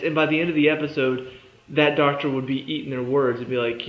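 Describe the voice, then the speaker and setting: A man's voice: medium pitch, steady tone, quick pace. Exasperated young man ranting in echoey room. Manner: exasperated, sarcastic, mimics characters. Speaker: TV episode reviewer. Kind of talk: ranting casual review. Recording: echoey room, dull lo-fi sound.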